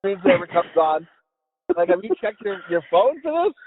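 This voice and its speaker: A man's voice: high-pitched, very animated, moderate pace, slight background noise. A man hosting a podcast in crude, casual chat, rambling, swearing and laughing a lot. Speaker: podcast host. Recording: dry, tinny phone-like sound.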